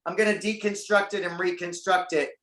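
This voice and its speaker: A man's voice: high-pitched, level tone, fairly quick, fairly bright tone, reverberant. A man as a guest on a talk show, chatting casually and animatedly about his career. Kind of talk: casual interview chat.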